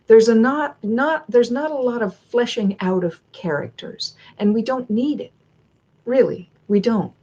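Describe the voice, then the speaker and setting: A woman's voice: fairly high pitch, measured pace, dark tone. A woman storyteller leading a workshop, talking in a chatty, digressive way with many restarts, over dull lo-fi stream audio. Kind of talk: casual instructional talk.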